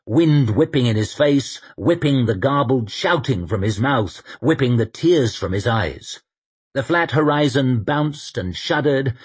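A man narrating an action story in a steady, dramatic storytelling manner. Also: mid-range voice, breathy edge. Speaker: audiobook narrator. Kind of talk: scripted narration.

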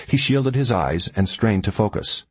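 A male narrator reading a thriller audiobook with dramatic, measured pacing. His voice is low and husky, and his pitch moves a great deal. The recording is dry and close. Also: expressive, no echo.

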